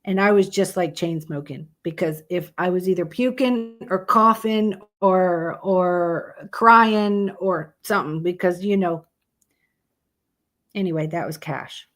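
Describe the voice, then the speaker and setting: A woman's voice: lowish voice, takes it slowly. A woman, hosting a casual live stream, blunt and profane as she chats with her viewers.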